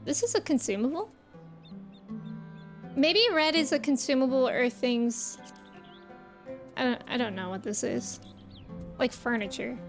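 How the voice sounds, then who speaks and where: A young woman streaming a game, thinking aloud in a chatty, casual way. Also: high-pitched. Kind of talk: live game commentary.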